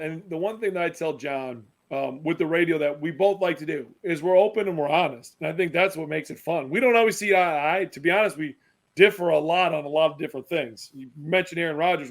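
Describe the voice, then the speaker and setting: A man from Wisconsin, a former basketball player, chatting as a podcast guest in an animated, emphatic way. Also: fairly high pitch, quick pace. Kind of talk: casual podcast chat.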